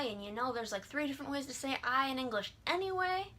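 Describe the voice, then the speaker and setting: A woman's voice: high voice, expressive, a little fast, few pauses, bright, forceful tone. Breezy young woman teaching pronunciation. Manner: breezy and irreverent, sounding out vowels and words as examples. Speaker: language teacher. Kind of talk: casual video lesson.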